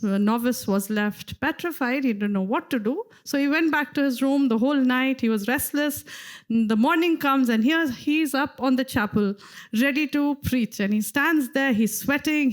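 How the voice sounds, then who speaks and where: A woman preaching a sermon at a church service, telling a story with lively acted-out quotes. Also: high-pitched. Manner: animated storyteller, acts out quoted voices.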